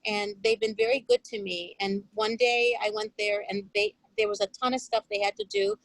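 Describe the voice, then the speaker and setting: A woman on a video call telling a personal story to a discussion group in an animated way. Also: medium pitch, moderate pace, no echo, low-quality recording. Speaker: course participant.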